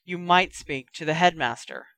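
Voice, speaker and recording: A cold, sullen male professor gives a curt, grudging explanation, as the reader puts him on. The voice is bright and smooth, recorded dry and close for a storybook reading. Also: medium pitch, normal speed, dry recording, close to an everyday voice.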